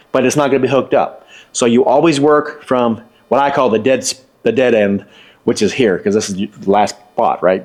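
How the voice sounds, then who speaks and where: A man's voice: medium pitch, darkish tone. A man explaining electrical wiring step by step in a casual hands-on tutorial, folksy and repeating himself for emphasis.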